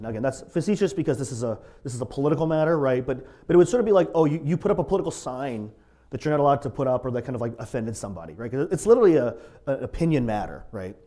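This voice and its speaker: A man's voice: medium pitch, mellow. A male pastor, preaching a sermon in a conversational, storytelling way with asides.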